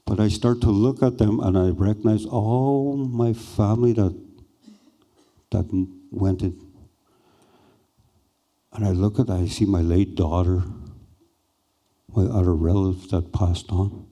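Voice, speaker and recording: An older man slowly and haltingly recounting a personal experience as a speaker at a conference. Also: fairly low pitch, mellow. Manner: slow, halting, reflective. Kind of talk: personal storytelling.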